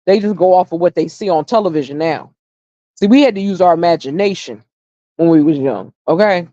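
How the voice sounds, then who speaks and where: This middle-aged woman runs a casual livestream chat, telling stories in a blunt, opinionated way, cursing freely and hammering her points through repetition. Her voice is lowish, warm and slightly quick. The recording is dry with the high end rolled off.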